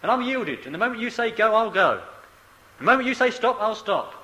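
A man preaching a sermon, swinging between loud emphatic declarations and low, quiet asides. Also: very animated, fairly quick, low-quality recording.

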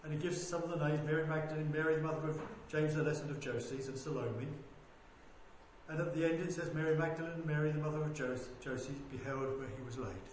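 A man preaching a sermon, swinging between loud proclaiming and quiet, low asides. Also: fairly even intonation, a little fast, heavy reverb, a little hiss or hum.

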